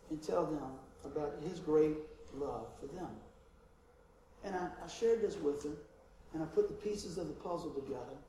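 A man preaching and telling a story, acting out both sides of the dialogue and swinging between loud and hushed. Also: fairly high pitch, a little hiss or hum. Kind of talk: sermon storytelling. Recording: echoey hall, from a distance.

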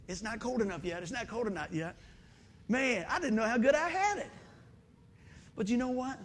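A middle-aged male pastor, preaching a folksy, animated sermon full of stories and calls for amen. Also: high voice. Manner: folksy, animated, storytelling with asides and call-and-response.

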